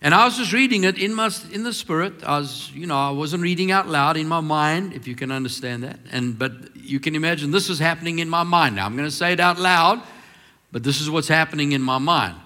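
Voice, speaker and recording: A man preaches in a church hall with a long reverb trailing his words. His voice is bright and a little high for a man. He moves from emphatic, stretched-out proclamations to soft, confiding asides. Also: a little fast. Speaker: pastor. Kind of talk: sermon.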